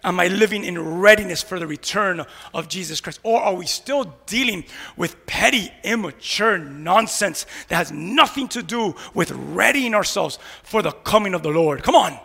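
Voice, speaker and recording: A man pastor preaching with a very high, bright, cutting voice and a gravelly edge. He fires rhetorical questions at the congregation and drops into mumbled impressions of grumblers. His words ring out with a long echo through a church hall. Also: lively intonation, normal speed, few pauses. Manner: preachy call-and-response, rhetorical "what?" questions; mocking grumblers in mumbled asides. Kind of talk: energetic sermon. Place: church sanctuary.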